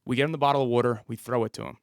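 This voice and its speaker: A man's voice: mid-range voice, steady tone, rapid-fire, creaky, clear, resonant tone, no room sound, clean studio sound. A man who was a police officer, a podcast guest telling a story in a casual, matter-of-fact way. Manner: detailed, matter-of-fact retelling.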